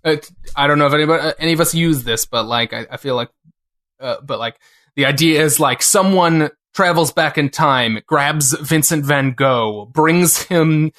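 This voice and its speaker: A man's voice: a little high, moderate pace, fairly bright tone. Rambling, hesitant male podcast co-host. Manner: rambling, hesitant, many fillers. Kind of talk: casual chat.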